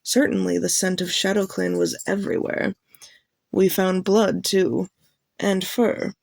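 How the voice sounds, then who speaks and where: This gravelly, mid-range female voice moves a little slowly, with no echo. She reads an audiobook part as a grave she-cat clan leader, speaking to her assembled clan with steady, commanding formality.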